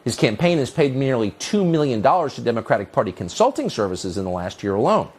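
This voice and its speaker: A man's voice: very animated, fast, a little mellow, slightly rough. A man hosting a cable news opinion segment, delivering a mocking, sarcastic monologue. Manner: mocking, sarcastic, pitch leaping on jeers.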